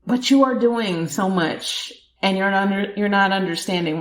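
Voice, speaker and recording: A woman hosts a podcast and reads tarot cards in a casual, chatty way, speaking straight to the listener and laughing often. Her voice sits at a middle pitch. The recording has a noticeably echoey room sound. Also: normal speed, few pauses. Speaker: podcast host, tarot reader.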